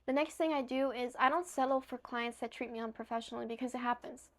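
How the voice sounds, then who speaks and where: A woman's voice: on the high side, steady tone, fast talker, a bit bright. A young woman talking straight to the camera, giving earnest, emphatic motivational advice and sometimes correcting herself mid-word; she sounds a little tired. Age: young adult.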